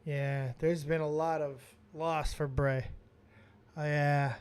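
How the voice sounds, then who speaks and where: A man hosting a live stream, giving excitable watch-along commentary with frequent exclamations and swearing. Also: on the high side, slow pace, clear, resonant tone. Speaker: streaming host reacting to wrestling.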